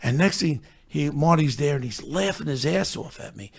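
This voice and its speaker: Here a podcast host, an older man, speaks at a moderate pace in a slightly high, creaky, animated voice. He swears nonstop while telling brash stories, voicing the other characters himself.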